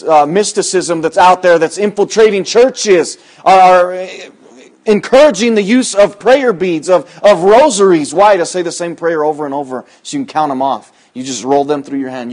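Pastor delivering a fiery sermon, man with a fairly high voice, jumps from booming to hushed. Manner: swings between loud preaching and low, quiet asides.

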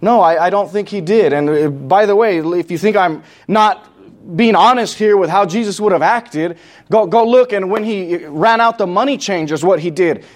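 A man preaching a sermon from scripture, talking through it in a loose, conversational way with restarts, then building to loud, impassioned passages. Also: sits high, normal speed. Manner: conversational asides with many restarts.

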